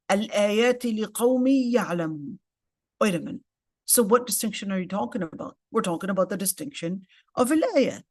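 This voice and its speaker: In a casual English lecture sprinkled with Arabic terms, a female Quran tafseer teacher explains things step by step, frequently checking in with "okay?". Her medium-pitched voice is recorded cleanly in a studio with no echo.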